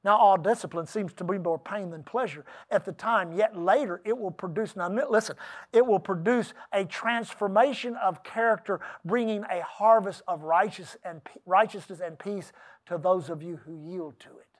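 A middle-aged pastor, preaching to his church. His voice sits high for a man, and he talks in a folksy, emphatic storytelling way, dropping into asides to the congregation. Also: normal speed. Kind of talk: sermon.

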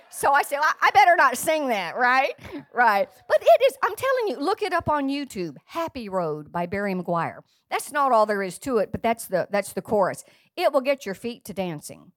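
An older woman preaching a sermon from the pulpit of a church, chatty and playful, with bursts of excitement. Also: a little high, moderate pace, no room sound, clean studio sound. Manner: lively, chatty and playful, sings snatches of a song. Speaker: guest preacher. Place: church sanctuary.

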